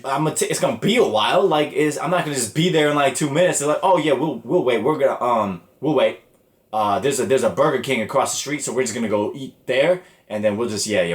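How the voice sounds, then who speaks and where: Young man, podcast host, casual profane storytelling, exasperated, mid pitch, echoey room. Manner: animated, profane, exasperated retelling with quoted dialogue. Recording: roomy echo.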